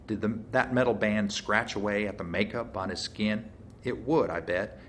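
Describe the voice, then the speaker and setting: A man's voice: on the low side, fairly bright tone, a little hiss or hum. A man narrating a first-person mystery story in a dry, wry way.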